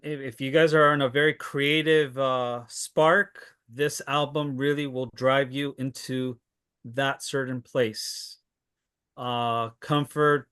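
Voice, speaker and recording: A man chatting casually about albums he likes, unhurried and full of fillers and restarts. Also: medium pitch, a bit bright, smooth. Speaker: music recommender on a panel. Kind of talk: casual chat.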